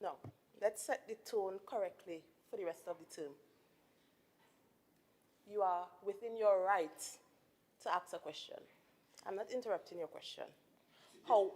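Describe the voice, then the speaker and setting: A woman's voice: mid-range voice, darkish tone. A woman presiding over a legislative sitting, speaking firmly and formally as she admonishes a member. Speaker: presiding officer. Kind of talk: chairing a parliamentary sitting. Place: legislative chamber. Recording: reverberant assembly hall.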